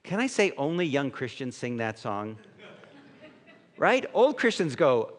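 A man preaching a sermon as a pastor, conversational and animated, acting out the voices he quotes. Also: medium pitch, measured pace. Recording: long hall reverb.

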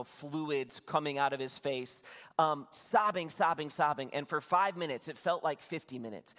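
A young adult man gives a sermon as the pastor, sharing a story in a relaxed, confiding tone and turning to the congregation with asides. His voice sits a little high for a man. The sound carries a long reverb from a large hall.

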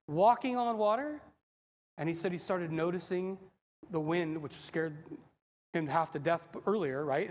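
A male pastor preaching a sermon, animated and acting out the voices in the story. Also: high voice. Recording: long hall reverb.

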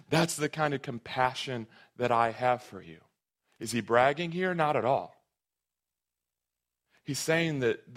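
A man preaching a sermon to his congregation in an earnest, conversational way, often restarting his phrases. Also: mid-range voice. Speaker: pastor.

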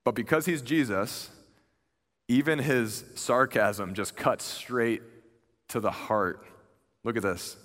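An earnest young man preaches a sermon in a hall, conversational in tone and animated when retelling events. His mid-range voice is slow and pauses often, and the recording has the long reverb of a large hall.

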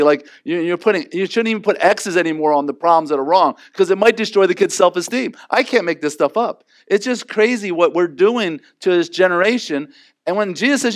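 Guy preaching, lively, acts out the quotes, a bit high-pitched. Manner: animated, acts out quotes in raised voices. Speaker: pastor. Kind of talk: sermon.

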